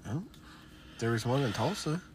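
Man, laid-back podcast co-host, mid pitch, quick asides, noisy background. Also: lively intonation. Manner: easygoing, laughs along, quick asides. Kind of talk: casual chat.

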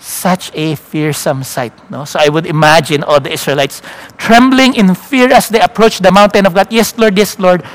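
A man preaching a Bible-teaching sermon. He tells the story slowly for emphasis and often checks in with his listeners with a quick "no?" or "okay?". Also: a little high, fairly bright tone.

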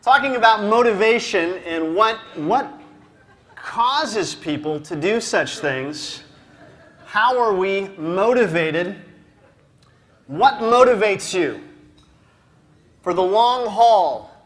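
A man's voice: high-pitched, expressive, takes it slowly, pauses often. A man speaking to a ministry gathering, telling a humorous story with a self-deprecating manner, laughing often and restarting his sentences.

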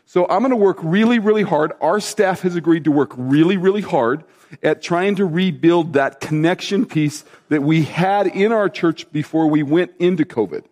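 A pastor preaching a relaxed, conversational sermon live in church, full of fillers and repeated phrases. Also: male voice, on the high side, moderate pace. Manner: chatty, loose, repeats himself, many fillers. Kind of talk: casual spoken sermon to a live congregation. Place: church service, sanctuary.

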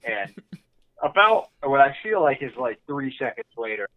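A man's voice: mid-range voice, big pitch swings, normal speed, no room sound, phone-quality sound. A young man co-hosting a casual chat podcast, telling stories wryly and acting out quotes. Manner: wry storyteller, acts out quotes. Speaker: podcast co-host.

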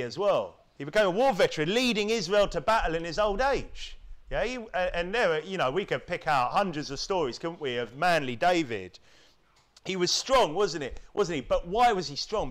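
Preacher from the UK, man with a high voice, forceful sermon, mocks complainers in whiny put-on voices. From United Kingdom. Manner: rhetorical, keeps asking tag questions; mimics whining voices to mock them.

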